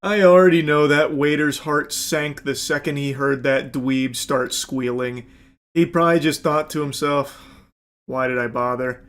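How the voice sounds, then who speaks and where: A man's voice: fairly high pitch, steady tone, unhurried, a bit bright. A man giving sarcastic, profane reaction commentary on prank videos, mocking what he watches. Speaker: commentary YouTuber.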